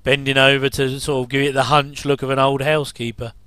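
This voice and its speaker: Guy rambling over an old tv show, chuckles a lot, smooth clear voice, dry close sound. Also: medium pitch, little pitch movement, fairly quick, a bit bright, dry recording. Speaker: commentator. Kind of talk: casual film commentary.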